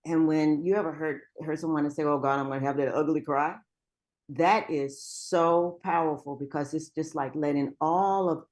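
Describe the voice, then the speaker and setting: A woman speaking as a guest on a live show, encouraging and reassuring the callers. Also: deep voice. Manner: warm, reassuring, affirming.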